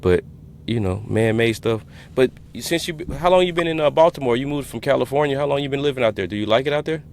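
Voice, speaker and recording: A man's voice: medium pitch, animated, fast, gravelly, darkish tone, slight background noise. A man hosting a podcast, chatting loosely with a guest, joking and wandering into asides. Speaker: podcast host. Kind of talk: casual interview chat.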